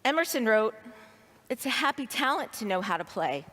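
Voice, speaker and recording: Very animated, a woman with a voice on the high side and a fairly bright tone shares a personal story at a leadership training event, acting out her inner voice for the audience. She speaks at normal speed in a large hall that sounds reverberant.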